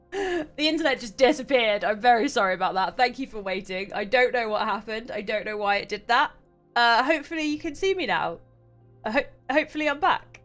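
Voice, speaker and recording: A woman's voice: on the high side, moderate pace, a bit bright, faint music behind. A woman streaming a game, reading its text aloud and reacting with mock indignation.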